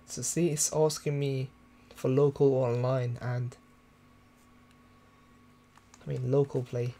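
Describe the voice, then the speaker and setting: A young man from the UK streams a game from a room at home in the early morning, chatting casually with viewers through a desktop USB mic. His medium-pitched voice is flat and moderately paced, kept low to avoid waking neighbors at night.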